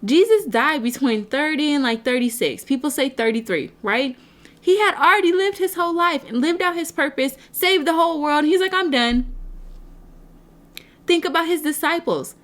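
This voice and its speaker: Earnest woman doing a faith pep talk to camera, kinda high voice, preachy with lots of questions. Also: a little fast, fairly bright tone. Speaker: motivational speaker and nonprofit founder.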